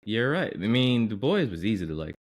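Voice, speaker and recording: A man's voice: fairly low pitch, big pitch swings, a little fast. A man co-hosting a podcast in casual chat, playful and easygoing, with a teasing edge. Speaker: podcast co-host.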